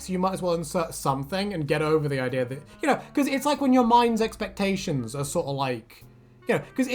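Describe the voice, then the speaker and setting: A woman co-hosting a casual chat, animated and laughing often, breaking into silly voices. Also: mid-range voice. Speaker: co-host.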